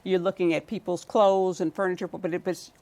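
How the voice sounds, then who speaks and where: A woman's voice: lowish voice, steady tone, brisk, darkish tone. A woman hosting a TV interview show in a studio, asking questions and reading a composed, scripted sign-off. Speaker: TV interview host.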